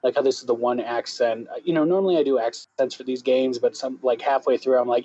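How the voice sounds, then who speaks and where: A man's voice: medium pitch, fairly even intonation, fast, mellow. Rambling man from Florida, muffled. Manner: rambling, joking, playful asides. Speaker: co-host. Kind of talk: casual gameplay chat.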